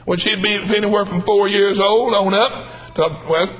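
A man's voice: sits high, fairly even intonation, normal speed, a bit bright, soft background music, poor audio. An older man preaching a humorous sermon, folksy and drawling, calling out lines for emphasis.

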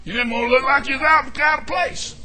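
A man preaching a fervent, folksy sermon in a church, shouting and whooping as he jokes with the congregation. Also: very high voice, quick pace. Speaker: pastor.

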